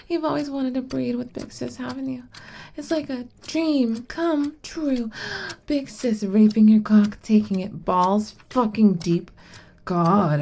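A woman plays a bossy older-sister figure in adult role-play audio, her slightly high, somewhat mellow voice gravelly and edged with fry. She teases slowly, breathy and commanding, over a faint hiss or hum.

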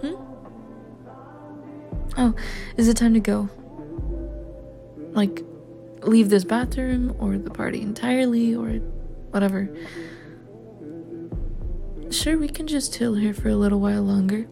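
A young woman acting out a caring partner in an audio role-play, talking gently and reassuringly with light teasing. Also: fairly high pitch, measured pace, vocal fry, long pauses, music in the background. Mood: gentle.

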